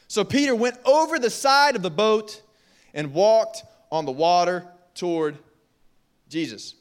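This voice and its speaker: A young man preaching a casual youth sermon in an animated, jokey, conversational way. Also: high-pitched, a little slow. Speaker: youth pastor.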